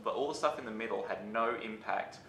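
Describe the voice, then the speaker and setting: Lower-voiced man critiquing a film. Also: brisk, fairly bright tone. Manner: analytical, critical. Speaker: film reviewer. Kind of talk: casual film review chat. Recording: roomy room with faint rumble.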